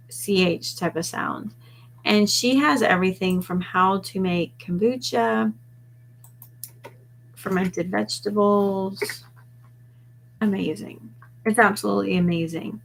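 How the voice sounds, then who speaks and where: A woman's voice: mid-range voice, fairly even intonation, takes it slowly, vocal fry, pauses often, slight background noise. A woman, chatting casually and rambling on a live stream. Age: 40s. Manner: rambling and chatty, trailing off mid-thought. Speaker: vlogger hosting a live stream.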